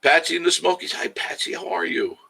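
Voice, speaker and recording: A man's voice: on the high side, animated, brisk, creaky, bright, forceful tone, slightly rough, poor audio. A man hosting a travel channel, chatting casually with viewers and reading their comments aloud, rambling and laughing often.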